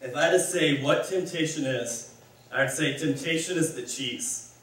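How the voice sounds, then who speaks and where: A man's voice: on the high side, moderate pace, a bit bright, a little hiss or hum. A man giving a casual, conversational sermon, rambling and correcting himself as he goes. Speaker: speaker. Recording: echoey hall, mic far off.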